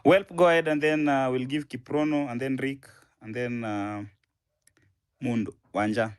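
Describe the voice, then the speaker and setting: A man's voice: medium pitch, flat delivery, measured pace, clean tone. A man moderating an online audio space and calling on the next speakers.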